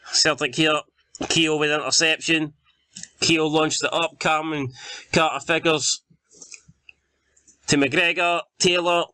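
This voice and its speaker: Sweary gamer, bright voice. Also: male voice, a little high, no echo. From Scotland. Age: young adult. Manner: exasperated, sweary, mock match commentary. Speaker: gaming YouTuber playing a football manager game. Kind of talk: casual gameplay commentary.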